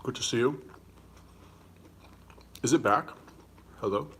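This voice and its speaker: A man's voice: medium pitch, takes it slowly, a bit bright, slight background noise. Blunt, combative man chatting on a livestream. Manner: blunt, combative, swears casually; talks while eating. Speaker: livestream host answering viewer comments. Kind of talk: casual livestream chat.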